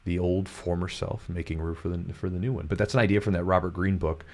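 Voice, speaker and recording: Low-voiced guy from kentucky, earnest pep-talk podcast chat, keeps repeating himself. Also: fairly even intonation, fast talker, darkish tone. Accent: neutral American, former Kentucky twang trained away. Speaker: podcast host, jiu-jitsu coach.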